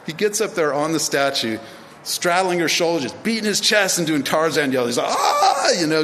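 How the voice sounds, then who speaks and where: A man's voice: a little high, a bit bright. A man in his fifties from the United States telling stories in a speech, rambling with many fillers and restarts. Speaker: speaker at induction ceremony. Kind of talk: storytelling speech. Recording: long reverb of a large hall, faint ambient noise.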